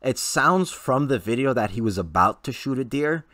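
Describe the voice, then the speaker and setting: A man's voice: mid-range voice, moderate pace, dry recording, studio quality. A man co-hosting a casual podcast chat, telling anecdotes animatedly and acting out what others said. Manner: animated storytelling with lively quoted voices. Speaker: podcast co-host.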